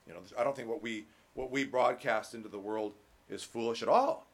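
A man preaching a sermon as pastor, emphatic and rising loud on key points, with conversational asides and fillers. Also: mid-range voice, brisk, slightly rough.

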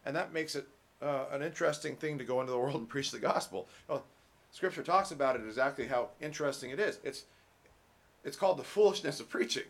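A man preaching a sermon as pastor, emphatic and rising loud on key points, with conversational asides and fillers. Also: mid-range voice, fast talker.

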